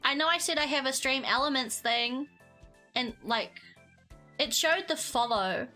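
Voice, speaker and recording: A woman's voice: high voice, measured pace, pushed and bright, soft background music. A young woman streaming a game, giggly and effusive, often stumbling over her words. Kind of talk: casual live-stream chat.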